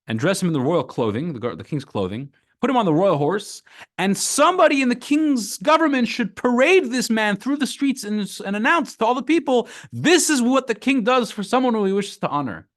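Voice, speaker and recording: Man doing a smug high-pitched schemer, scripture storytelling voice. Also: huge pitch swings, a little fast, fairly bright tone, breathy edge, exaggerated voice. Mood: self-important. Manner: gleeful, self-important. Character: scheming pompous royal advisor, male.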